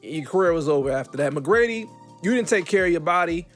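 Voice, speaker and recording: A man with a high voice reacts casually to sports clips, talking in slang and stumbling through restarts. Faint music plays behind him. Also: animated, fairly quick. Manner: casual, talks through stumbles, uses "bro" and "yo". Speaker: host, commentator. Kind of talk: casual commentary vlog.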